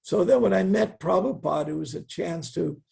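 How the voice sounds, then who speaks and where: Older man with a gravelly husky voice. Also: high-pitched, normal speed, darkish tone. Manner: earnest, wry asides, quotes others in a raised voice. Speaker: interview guest. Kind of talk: reflective storytelling.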